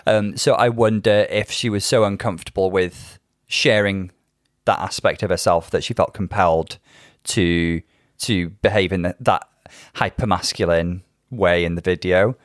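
A man's voice: sits low, steady tone, normal speed, dry recording, clean studio sound. A man co-hosting a casual chat, talking things through in a thoughtful, analytical way. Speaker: podcast co-host.

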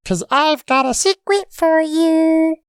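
A woman voicing Twig, an eager storyteller in a comedic podcast who narrates in a halting way, full of ums and pleading requests for help. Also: very high-pitched, no room sound. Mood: rambling. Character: eager rambling storyteller who upstages the host.

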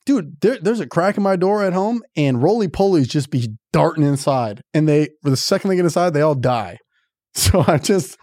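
Lively joking young man, dry close sound. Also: on the high side, moderate pace, dry recording. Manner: joking, teasing interjections. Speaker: podcast co-host. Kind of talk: casual chat.

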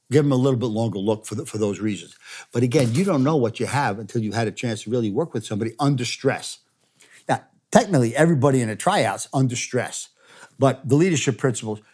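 Older male interview guest, lively storyteller, mid pitch. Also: husky. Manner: animated storyteller, laughs while telling stories. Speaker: former football coach and CEO, guest.

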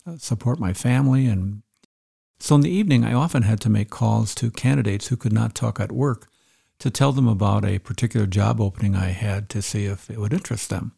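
Gravelly, husky middle-aged male teacher. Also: lowish voice, a little fast, warm tone. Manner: earnest, explanatory, repeats key points. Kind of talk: instructional talk.

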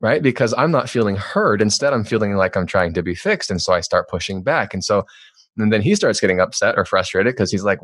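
A man's voice: fairly low pitch, normal speed, dry recording, clean studio sound. A man, an author and podcast guest, talking candidly and reflectively in a conversational interview. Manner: candid, reflective, animated when acting out quotes.

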